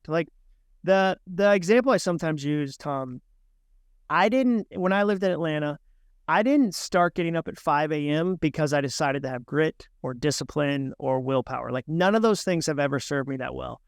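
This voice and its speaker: Animated man with a clear, smooth voice. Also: on the high side, moderate pace, no echo, studio quality. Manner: animated, illustrates points with voiced inner dialogue. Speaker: author and speaker, podcast guest. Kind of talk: conversational interview, storytelling with acted quotes.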